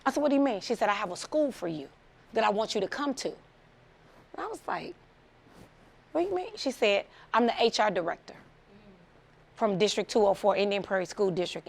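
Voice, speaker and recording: Middle-aged woman speaker, gravelly, animated storyteller, plays out dialogue with lots of laughs. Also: mid-range voice, normal speed, long pauses. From Chicago suburbs. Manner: animated, acts out quoted voices, laughs often. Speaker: motivational speaker. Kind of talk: storytelling talk.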